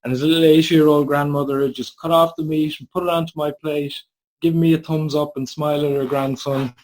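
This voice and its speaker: Animated man in his forties telling a story. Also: a little high, brisk, low-quality recording. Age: 40s. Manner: candid, animated, casual swearing. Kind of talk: personal storytelling. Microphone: video call.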